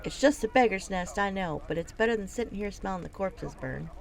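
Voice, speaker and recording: A bitter little halfling beggar from a fantasy game, as a woman reads her lines, resentful and prickly. The voice sits slightly higher, with a gravelly edge underneath. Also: lively intonation, a little fast, poor audio. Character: bitter small halfling beggar, homeless and proud.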